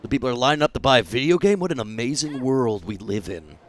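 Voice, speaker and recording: A man voicing a stoic, gruff brawler as he reads game dialogue aloud in a low, clipped, deadpan way. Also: fast, no echo, natural voice.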